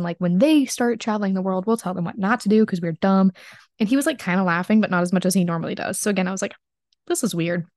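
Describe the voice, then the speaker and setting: A young woman talks in a casual, bubbly monologue, sprinkling fillers and little laughs through her storytelling. Her voice sits at an ordinary middle pitch for a woman. The recording is dry and close, with no room sound. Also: a little mellow, dry recording. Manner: bubbly, chatty, laughs often, many fillers. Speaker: podcast host.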